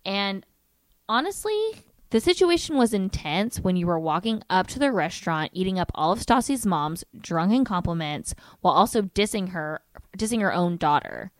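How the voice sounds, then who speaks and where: A woman's voice: medium pitch, lively intonation, normal speed, no room sound. A young woman co-hosting a casual podcast chat, recapping a reality show in an exasperated, storytelling way with plenty of fillers. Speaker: podcast co-host.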